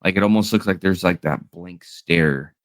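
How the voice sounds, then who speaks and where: A man's voice: low voice, moderate pace, no echo. A man in his thirties chatting casually as a co-host, rambling and swearing loosely. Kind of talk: casual chat.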